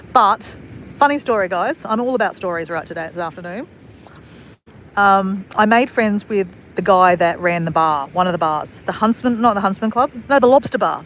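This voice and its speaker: Aussie lady rambling thru a travel story, laughs a lot, faint traffic noise behind. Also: medium pitch. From Australia. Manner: chatty, rambling, swears casually, laughs often. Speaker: vlogger. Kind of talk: casual storytelling to camera.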